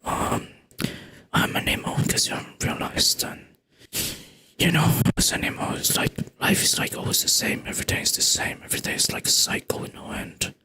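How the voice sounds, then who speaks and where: A man voicing a gloomy, self-pitying emo teenager in a flat, monotone whispered role-play. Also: moderate pace, very noisy, close to an everyday voice.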